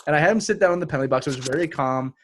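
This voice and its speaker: A man hosting a casual podcast discussion as a youth hockey coach, energetic and laughing as he tells stories. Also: a little high, very fast, slight background noise. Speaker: podcast host.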